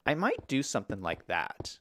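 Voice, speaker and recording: A man's voice: on the low side, huge pitch swings, normal speed, bright, forceful tone, a little hiss or hum. A man streaming a building game, chatting casually with viewers and thinking aloud as he builds, with an American accent and frequent laughs.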